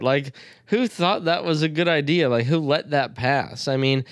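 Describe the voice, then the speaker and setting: A man's voice: medium pitch, normal speed, clean tone, no echo, studio quality. A man co-hosting a podcast in casual chat, laid-back, swearing casually and laughing easily. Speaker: podcast co-host.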